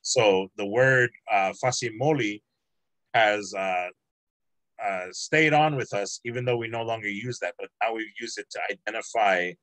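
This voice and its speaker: A man's voice: lowish voice, a little slow, fairly bright tone, no echo, rough recording. A man teaching a language class over a video call, patient and encouraging, drawing out words as he explains.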